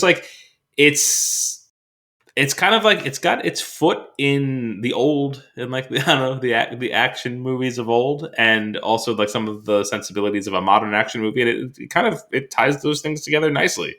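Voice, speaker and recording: A man's voice: mid-range voice, moderate pace, pushed and bright. A man co-hosting a film podcast in casual chat, enthusiastic and full of filler words. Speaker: podcast co-host.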